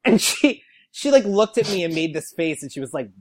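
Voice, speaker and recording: A young man, a podcast guest, telling a story in a casual way and acting out what people said in lively voices. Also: high voice, brisk. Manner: animated, quotes people in lively put-on voices.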